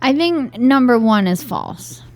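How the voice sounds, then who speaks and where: A woman's voice: fairly high pitch, big pitch swings, unhurried. A woman co-hosting a casual podcast, playful and teasing with goofy interjections. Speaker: podcast co-host. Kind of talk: casual chat.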